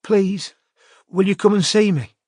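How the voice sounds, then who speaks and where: A man's voice: high voice, measured pace, a little mellow, no room sound, studio quality, pitched above the performer's own voice. A terrified young woman's whisper, voiced by a man. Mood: scared whisper. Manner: breathy shaking whisper.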